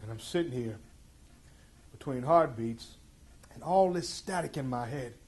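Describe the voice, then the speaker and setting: A middle-aged man telling a tense personal story in an intense, emphatic way, moving between loud passages and hushed ones. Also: medium pitch, animated, unhurried. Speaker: speaker. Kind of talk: dramatic storytelling talk.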